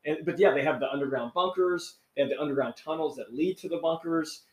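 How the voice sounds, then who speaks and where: A man's voice: a little high, fast talker. Man, podcast co-host, rambling, lots of restarts, echoey room. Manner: rambling, many restarts and fillers. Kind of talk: casual chat. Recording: roomy echo.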